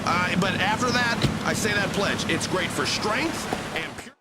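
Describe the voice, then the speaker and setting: A pompous preachy radio host. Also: male voice, high-pitched, lively intonation, unhurried, noisy background. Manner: pompous, sermonizing, leads chants. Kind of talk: in-game radio call-in show.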